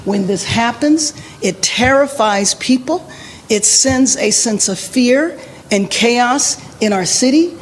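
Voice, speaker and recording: A woman, a city official, giving a formal public address in a measured, deliberate way. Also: a little high, animated, a little hiss or hum, low-quality recording. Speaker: city mayor at a press briefing.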